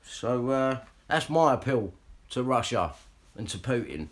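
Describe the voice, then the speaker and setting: A man's voice: medium pitch, big pitch swings, unhurried, slight background noise. A man ranting casually and swearing a lot as he talks straight to his livestream viewers. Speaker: livestream vlogger.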